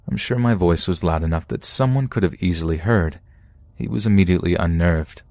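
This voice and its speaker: Deep-voiced man narrating horror stories. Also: moderate pace, dry recording. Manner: steady first-person storytelling. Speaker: podcast narrator. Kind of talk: reading true scary stories aloud.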